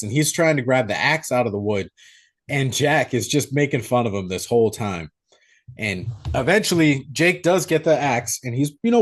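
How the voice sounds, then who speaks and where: A young man co-hosting a podcast, recapping a horror movie in a profane, animated way. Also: mid-range voice. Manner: profane, animated storytelling with acted-out quotes. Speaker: podcast co-host. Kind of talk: casual movie recap chat.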